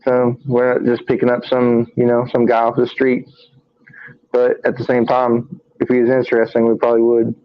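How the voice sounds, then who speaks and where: A man with a medium-pitched voice co-hosts a live talk stream about the paranormal, where he works as an investigator. Worn out from too little sleep, he speaks in a halting monotone full of fillers and restarts. The stream audio is dry, dull and lo-fi, with no echo.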